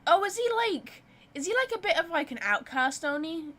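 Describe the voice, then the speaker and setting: A woman's voice: extremely high pitch, animated, moderate pace, fairly bright tone. A woman casually commenting on a game, chatty and rambling, wondering aloud as she plays. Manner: chatty, rambling, lots of "like" fillers. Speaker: game streamer. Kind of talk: casual let's-play commentary.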